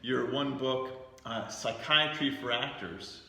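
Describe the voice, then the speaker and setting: A man's voice: mid-range voice, takes it slowly, gravelly, sharp tone. A man hosting an interview, encouraging his guest with short affirmations and follow-up questions. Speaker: interview host. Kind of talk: conversational interview. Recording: echoey room with long reverb, faint hiss.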